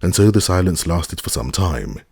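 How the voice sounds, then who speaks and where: A man narrating a classic novel as an audiobook, measured and expressive. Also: sits low, vocal fry, slightly rough, no echo, studio quality. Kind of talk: scripted narration.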